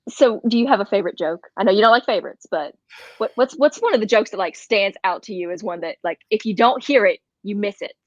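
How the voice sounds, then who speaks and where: A woman's voice: medium pitch, quick pace, no echo, dull audio. A woman hosting a casual interview over a video call, chatty and curious. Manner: chatty, animated questions. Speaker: host.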